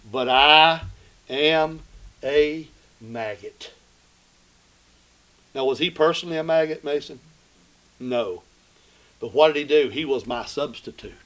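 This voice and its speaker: A man preaching a sermon, asking questions of his listeners and swinging between loud emphatic cries and hushed low asides. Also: rough recording.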